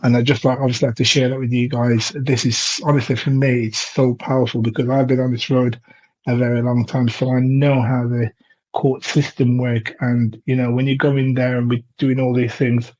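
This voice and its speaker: A man's voice: medium pitch, little pitch movement, moderate pace, darkish tone, poor audio. A man from England telling of a court visit in a casual, earnest way, with many ums and restarts. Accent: English. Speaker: testimony speaker. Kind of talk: casual first-person account.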